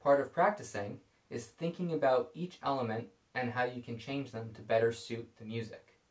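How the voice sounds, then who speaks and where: A man calmly explaining violin bowing technique in a scripted video lesson. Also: medium pitch, moderate pace. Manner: calm, explanatory. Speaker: violin teacher. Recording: echoey room.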